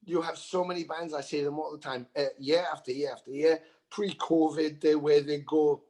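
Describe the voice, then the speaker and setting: A man's voice: on the high side, normal speed, few pauses, a little mellow. A middle-aged man who talks as a band member guest in a rambling way, often repeating phrases for emphasis. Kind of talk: casual storytelling.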